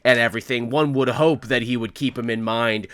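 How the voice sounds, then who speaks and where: A man hosting a comics podcast in casual chat, animated and joking, with the odd swear word. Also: mid-range voice, a little fast, clean tone. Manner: animated, swearing, playful put-on quotes. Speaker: podcast host.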